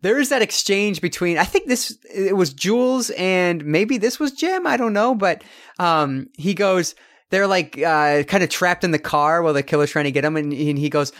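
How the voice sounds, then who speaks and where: A man's voice: sits high, lively intonation, moderate pace, a bit bright. A man hosting a podcast, chatting casually about films in a loose, rambling, profane way. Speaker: podcast host. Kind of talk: casual movie review chat.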